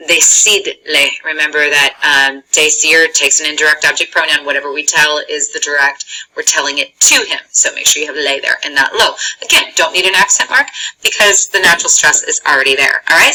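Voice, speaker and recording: A woman's voice: low-pitched, normal speed, sharp tone, low-quality recording. A woman teaching a Spanish lesson in a chatty, encouraging way, explaining step by step and checking in often. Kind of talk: recorded classroom lesson.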